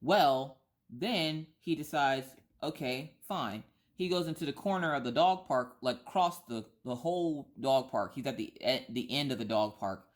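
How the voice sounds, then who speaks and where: A woman's voice: rumbling low, normal speed. A woman in her thirties who vlogs, chatting and telling a rambling story full of asides and restarts. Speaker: vlogger. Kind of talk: casual storytelling chat.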